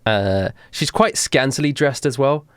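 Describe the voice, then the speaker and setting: Unhurried male game master, dry sound. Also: medium pitch, clean tone, no echo. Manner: unhurried, with many fillers. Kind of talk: narrating a tabletop game.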